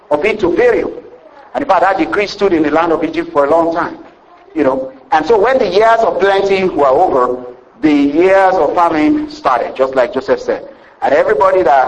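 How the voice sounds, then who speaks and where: A man's voice: a little high, poor audio. A man preaching a sermon, retelling a scripture story in a rambling, conversational way with many fillers and calls for amen. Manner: asks the congregation for "Amen".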